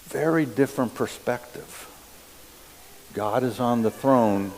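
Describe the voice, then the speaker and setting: A man preaching a sermon in a church, reading scripture and explaining it deliberately. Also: medium pitch, slight background noise. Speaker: pastor. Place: church sanctuary. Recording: long reverb of a church hall.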